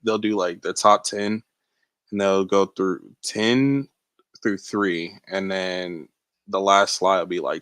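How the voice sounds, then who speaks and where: A man's voice: low voice, fairly even intonation, takes it slowly, fairly bright tone, clear, resonant tone, no room sound. A man co-hosting a casual movie watchalong podcast, laid-back and slangy, joking around. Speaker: podcast co-host.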